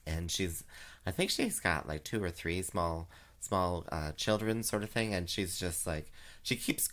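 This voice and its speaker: A man doing drag, hosting a chat show, talking casually with many fillers and giggles, and jumping into high sing-song voices. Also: measured pace, fairly bright tone. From Canada. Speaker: drag queen radio show host. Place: home, recorded live.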